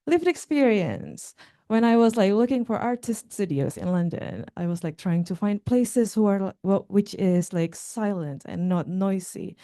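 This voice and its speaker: A young woman gives a talk with slides, speaking haltingly with fillers and restarts. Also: mid-range voice, animated, mellow. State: out of breath. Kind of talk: conference talk.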